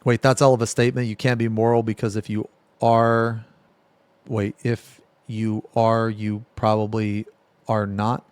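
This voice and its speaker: A man's voice: lowish voice, little pitch movement, unhurried, darkish tone, clean tone, no echo. A man streaming, giving blunt, profane, heated reaction commentary in casual talk.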